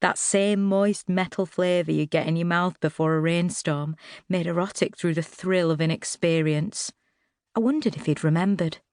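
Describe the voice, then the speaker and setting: A woman narrating a first-person novel for an audiobook, expressive and wry, close to the mic. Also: fairly low pitch, normal speed, clean tone, no room sound. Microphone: close studio mic.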